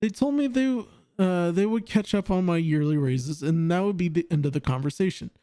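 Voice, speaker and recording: Man, stream host, reading aloud and commenting, halting delivery, higher-pitched voice, dry close sound. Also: mellow, clean tone, no echo. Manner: halting, with frequent restarts. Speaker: livestream host.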